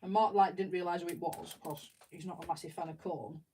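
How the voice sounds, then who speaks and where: A woman's voice: fairly low pitch, fairly even intonation, fairly quick, warm tone, distant mic, slight background noise, rough recording. A middle-aged woman with an English accent, chatting and telling rambling stories as she builds, laughing often. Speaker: streamer. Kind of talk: casual chat while building. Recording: voice a bit away from the mic.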